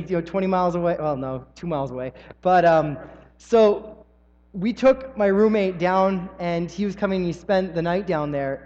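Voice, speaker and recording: A man's voice: sits high, darkish tone. A young man from the American South giving a folksy, storytelling sermon with frequent ums. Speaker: preacher. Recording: dull sound in a reverberant hall.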